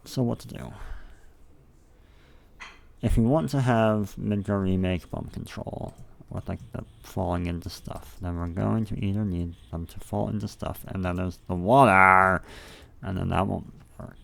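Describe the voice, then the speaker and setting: Gravelly young man rambling as he builds. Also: deep voice, steady tone, measured pace, a bit bright. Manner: rambling, profane, self-talking. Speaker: game level builder. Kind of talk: casual thinking aloud while working.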